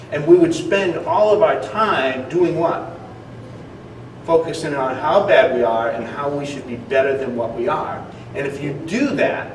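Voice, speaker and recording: Guy pastor giving a laid-back sermon, kinda high voice, mic far off, echoey church room. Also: a little mellow, slight background noise. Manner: casual, conversational preaching with frequent fillers. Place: church hall. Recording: echoey hall, distant mic.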